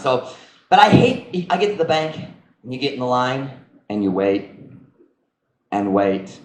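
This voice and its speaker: A man's voice: on the high side, animated, normal speed, roomy sound, slight background noise, poor audio. An American man preaching a sermon as pastor, telling stories in a chatty way and mixing in Cebuano phrases. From United States. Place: church.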